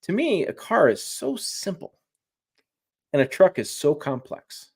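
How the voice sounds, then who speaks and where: A man's voice: high-pitched, sing-song, a little slow, creaky, a little mellow, breathy edge. A man talking trucks as a journalist guest in a casual live-stream chat, emphatic and rambling, often restarting his sentences.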